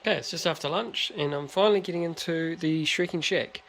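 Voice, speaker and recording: A man's voice: a little high, a little fast, fairly bright tone. A man from New chatting in a laid-back, slightly hesitant way on a shop vlog. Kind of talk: casual chat. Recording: faint background noise.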